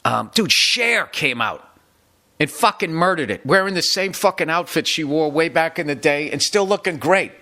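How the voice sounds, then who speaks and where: Middle-aged American man, podcast host; rambling, profane comic monologue, voice sits a touch high. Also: animated, normal speed, bright, forceful tone. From United States. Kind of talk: casual comedic monologue.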